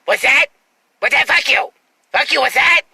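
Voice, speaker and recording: A man's voice: extremely high pitch, normal speed, gravelly, sharp tone, slight background noise, voice pushed up, full character voice. A man putting on a rude, belligerent guy who barks the same curse over and over. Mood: hostile barking. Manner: barking, repetitive, hostile.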